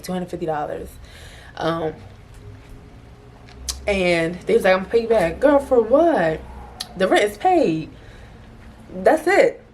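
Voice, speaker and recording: A woman's voice: mid-range voice, slight background noise. A young woman, a single mother, talking candidly in a casual confessional vlog, rambling and conversational. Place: bedroom at home with open window.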